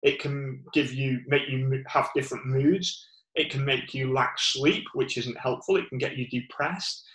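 A man's voice: medium pitch, fairly even intonation, normal speed, a bit bright, reverberant, low-quality recording. A man with a Northern English accent giving an informal sermon, rambling with many fillers and restarts. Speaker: preacher.

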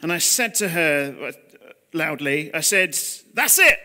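This thirties-aged man's voice sits fairly high and comes out a little slow, pushed and bright. He preaches a confessional, conversational sermon on a video call, asking his listeners rhetorical questions, and is picked up by a computer mic.

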